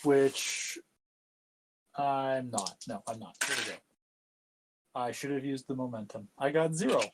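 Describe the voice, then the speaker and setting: A man's voice: medium pitch, a little slow, background noise. A man playing a tabletop game, chatting in a playful, joking way. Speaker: player.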